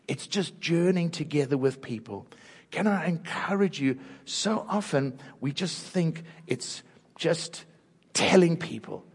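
An older man with a South African accent, preaching an earnest sermon through personal stories and dropping soft and low at tender moments. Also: expressive, unhurried, breathy edge. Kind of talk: storytelling sermon. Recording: long hall reverb.

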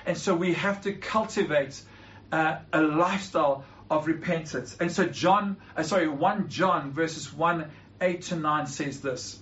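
A man's voice: on the high side, unhurried, a bit bright, far from the mic, muffled recording. A man preaching a sermon and reading scripture aloud. He is earnest and often stumbles over and repeats his words.

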